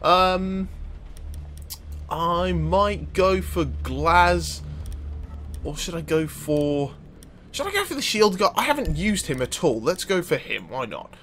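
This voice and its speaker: Excitable man narrating his gameplay. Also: on the high side, slow pace, long pauses, slight background noise. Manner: chatty, excitable, laughs and swears often. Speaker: gaming video host. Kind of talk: live gameplay commentary.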